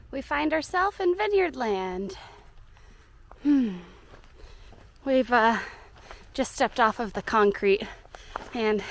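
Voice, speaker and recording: A woman's voice: high voice, a little hiss or hum. A young woman with a Southern US accent, chatting cheerfully to camera while walking a hiking trail outdoors and laughing often. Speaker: hiking vlogger. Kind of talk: casual hiking vlog narration.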